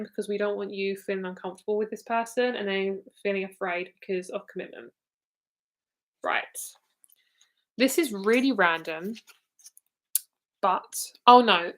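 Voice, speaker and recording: A woman's voice: mid-range voice, fairly bright tone. A woman giving tarot readings on a live stream, chatty and blunt, laughing often and tired enough to yawn. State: tired, yawning. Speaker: tarot reader.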